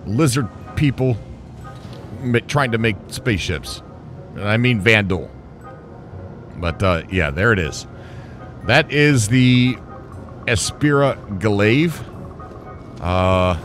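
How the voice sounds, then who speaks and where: A man hosting a gaming channel who gives casual gameplay commentary, excitable and rambling and often laughing. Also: medium pitch, takes it slowly, pauses often, faint music behind.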